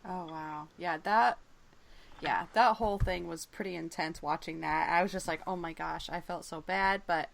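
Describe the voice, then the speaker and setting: A woman's voice: lowish voice, moderate pace, vocal fry, slight background noise. A woman hosting a radio interview, chatting casually and agreeing often with her guest. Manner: chatty, agreeable, frequent backchannel affirmations. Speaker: radio show host.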